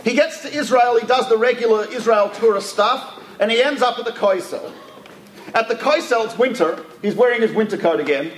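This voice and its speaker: A man's voice: extremely high pitch, brisk. A man telling a story in a lecture, talking casually with asides and restarts. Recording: echoey room with faint ambient noise.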